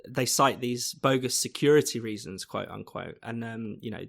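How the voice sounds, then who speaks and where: A man's voice: medium pitch, moderate pace, creaky, a bit bright. A man hosting a podcast discussion, talking casually with frequent fillers. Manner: conversational, hedging with frequent fillers. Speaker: podcast host.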